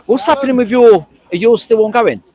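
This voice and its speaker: A man's voice: extremely high pitch, brisk, warm tone, low-quality recording. An English man hosting a casual outdoor livestream, chatting and greeting viewers by name. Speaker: livestream host. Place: outdoors at a street protest. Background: crowd.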